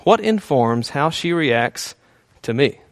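A man preaches slowly in a mid-range voice, giving his sermon a casual, conversational flow with plenty of fillers and the occasional small laugh. His prayers come out soft and hushed, and the recording is dry.

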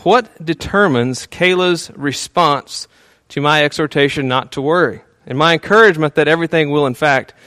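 A male pastor preaching a sermon in a relaxed, conversational way, with frequent fillers and small chuckles, dropping to a soft, hushed tone when he prays. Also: fairly high pitch, moderate pace, hardly any pauses, dry recording.

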